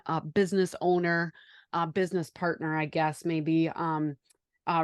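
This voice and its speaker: A woman's voice: fairly low pitch, no room sound, studio quality. A woman with a Wisconsin accent hosting a podcast, chatty and enthusiastic as she talks tips and interviews a guest. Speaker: podcast host.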